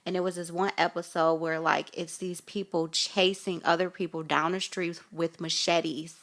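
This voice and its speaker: Woman podcast co-host, a touch low in pitch, talkative, explains things at length. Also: level tone, normal speed, a bit bright. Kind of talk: casual chat.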